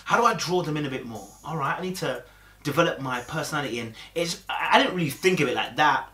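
A man's voice: a little high, lively intonation, fast, pushed and bright, reverberant. A young man talking casually to camera, chatty and streetwise, often checking in with "you understand?". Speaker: host.

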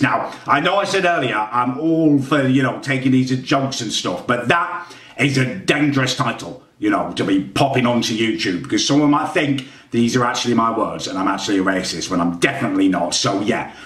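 A man's voice: mid-range voice, lively intonation, normal speed, fairly bright tone, echoey room, distant mic. A man giving rambling, defensive reaction commentary, sounding exasperated. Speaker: YouTuber reacting to a parody edit of his own videos.

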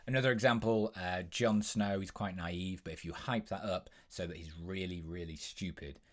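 A young man talks through an impressions tutorial in a brisk, instructive manner, pausing now and then with an um. His voice is low and even. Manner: brisk, instructive, with frequent ums. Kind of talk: tutorial explanation.

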